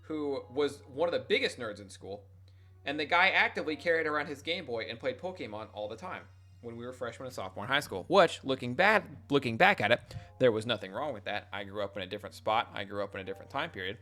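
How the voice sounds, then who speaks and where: A man's voice: medium pitch, animated, quick pace, bright, forceful tone, faint music behind. A young adult man streaming, casually telling a rambling, profane, self-mocking story to his chat.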